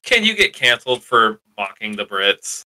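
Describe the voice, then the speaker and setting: Very bright, lively joking man. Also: on the low side, moderate pace, poor audio. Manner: playful, deadpan jokes. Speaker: podcast co-host. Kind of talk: casual chat.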